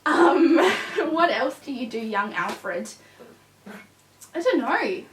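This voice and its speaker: A woman vlogger who just got a puppy chats casually in a high, very animated voice, speaking slowly. She rambles with lots of fillers and sounds a little tired. The recording comes from a distant mic in an echoey room with slight background noise.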